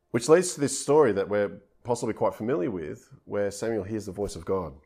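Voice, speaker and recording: A man's voice: lowish voice, vocal fry, darkish tone, breathy edge. A man preaching a conversational sermon, retelling scripture informally in everyday speech.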